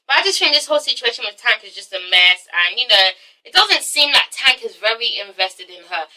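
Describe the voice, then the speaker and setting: A woman's voice: a little high, very animated, fairly quick, sharp tone, distant mic, low-quality recording. A young woman with an English accent giving a blunt, sassy review, swearing freely and tagging "okay?" onto her points. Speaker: vlogger reviewing a reality show. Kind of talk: casual sassy commentary.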